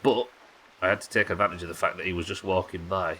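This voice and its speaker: A man streaming a game live, talking in quick excitable bursts and chatting to his viewers. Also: sits low, slight background noise. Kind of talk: live gameplay commentary.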